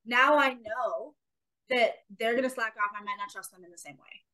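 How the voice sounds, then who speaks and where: A woman's voice: a little high, moderate pace, pushed and bright. A woman co-hosting a sports podcast in casual chat, talking earnestly and motivationally, repeating phrases for emphasis. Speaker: podcast co-host and athlete.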